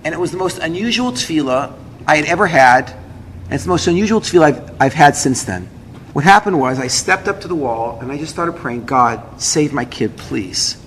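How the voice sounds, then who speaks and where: A man's voice: fairly high pitch, animated, a little fast, fairly bright tone. A man, a rabbi, telling a personal story to an audience with lots of feeling. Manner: emotional storytelling, acts out others' lines. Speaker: rabbi and speaker. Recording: echoey hall with faint noise.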